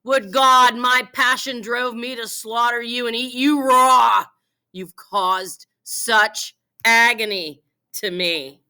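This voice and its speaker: A woman voicing a merciless warrior man, declaiming slowly and with scorn in a classroom. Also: a little high, steady tone, bright, forceful tone, clear, resonant tone, heavily acted. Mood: scornful.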